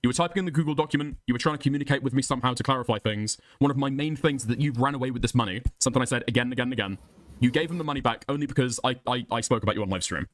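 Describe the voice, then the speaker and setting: A man pressing a guest with rapid, insistent accusations on a live stream. He talks extremely fast in a middle pitch, and the sound is dry and close to the mic. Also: no echo. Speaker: streamer covering drama. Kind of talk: pressing questioning.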